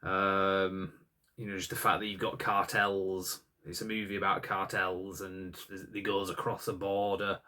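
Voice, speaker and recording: A man co-hosting a podcast, talking in a rambling, opinionated way. His voice sits slightly low, and he leans on "like" and "um" as he goes. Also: little pitch movement, measured pace, pushed and bright. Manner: rambling, opinionated, heavy use of "like" and "um". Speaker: podcast co-host. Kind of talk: casual chat.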